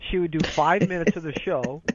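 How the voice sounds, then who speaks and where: A man calling in to a radio show, animated and playful. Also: a little high, brisk, over a noisy crowd. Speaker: caller. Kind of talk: casual call-in chat. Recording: lo-fi phone line.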